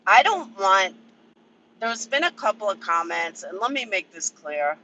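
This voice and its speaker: Bright, sharp-voiced man venting on a livestream. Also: high voice, sing-song, unhurried, low-quality recording. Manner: profane, venting, answers chat by name. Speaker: livestream commentator. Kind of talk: casual livestream rant.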